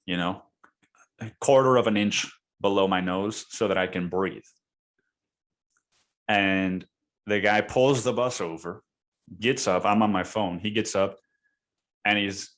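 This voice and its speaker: A young man tells a story as a podcast host in a casual monologue, swearing freely and using slang, with "dude" and "man" coming up a lot. When he quotes other people, he suddenly switches to high-pitched yelling.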